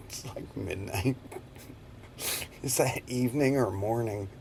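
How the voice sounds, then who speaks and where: A man's voice: medium pitch, slow pace, vocal fry, long pauses, dark tone, a little hiss or hum. A man in his fifties telling a rambling story in a casual way, chuckling as he goes. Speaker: vlogger.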